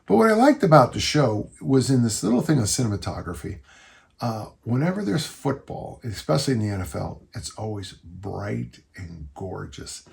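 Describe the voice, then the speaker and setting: Older male podcast host, low gravelly voice, casual folksy coach who rambles warmly. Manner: rambling, folksy storytelling with restarts. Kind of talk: casual listener Q&A chat.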